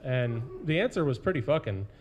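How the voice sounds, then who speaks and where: A man's voice: mid-range voice, big pitch swings, fairly quick. Man with a rambling stand-up delivery. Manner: rambling, filler-heavy, casual delivery. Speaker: stand-up comic. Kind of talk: stand-up storytelling. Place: brewery taproom stage.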